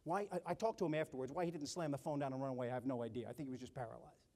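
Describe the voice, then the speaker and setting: A middle-aged man and army officer giving a keynote leadership speech, telling stories in an animated way and acting out other people's voices. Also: mid-range voice, rapid-fire. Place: large conference hall. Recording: long hall reverb.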